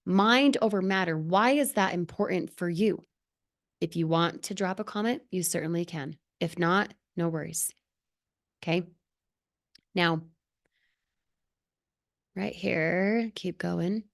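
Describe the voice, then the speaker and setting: Her voice is lowish, slow and creaky, and she pauses often while leading her team through a live motivational training. As team leader, she speaks earnestly and emphatically, leaning on rhetorical questions.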